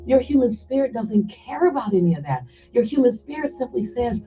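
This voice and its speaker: A woman's voice: a little high, sing-song, brisk, few pauses, mellow, faint music behind. A woman speaking as a guest, telling her story in an emphatic motivational style and repeating phrases for effect. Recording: slightly muffled radio broadcast.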